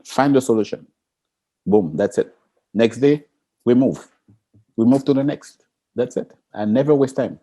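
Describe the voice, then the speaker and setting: A man being interviewed as an Olympic sprinter, telling stories with lively energy, acting out quotes in a high excited voice and laughing. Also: a little slow, long pauses. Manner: expressive, jumps into high excited pitch, acts out quotes, laughs. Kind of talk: animated interview storytelling.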